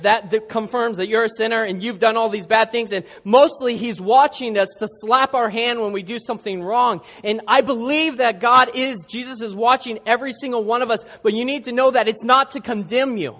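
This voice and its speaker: A man with a fairly high voice preaching a sermon. He prays earnestly and tells stories with animation, and his voice rings with the long reverb of a large hall. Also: a bit bright. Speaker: pastor. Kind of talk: sermon with prayer and story.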